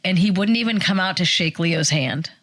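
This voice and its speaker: A woman in her forties, a podcast co-host telling a personal story in casual chat, animated and acting out the quotes. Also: lowish voice, no room sound. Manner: animated storyteller, acts out quotes, fast bursts.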